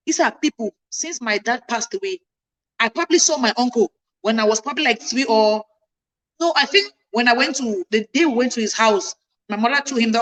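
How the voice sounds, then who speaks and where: A woman's voice: fairly high pitch, a little fast, fairly bright tone, rough recording. A woman in her thirties telling a personal family story to her viewers, emphatic and passionate, her voice climbing when she gets indignant. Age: 30s. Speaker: livestream host.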